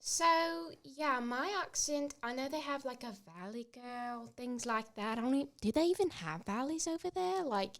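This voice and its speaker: A woman's voice: sits high, normal speed, few pauses. A woman playing a prim, mock-indignant British woman with a put-on British English accent in a comedy sketch.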